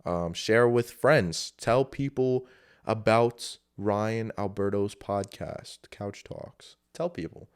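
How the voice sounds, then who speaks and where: A man's voice: on the low side, slow, clean tone. A man hosting a solo podcast, giving loose, rambling motivational talk full of swearing and fillers. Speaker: podcast host. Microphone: camera setup.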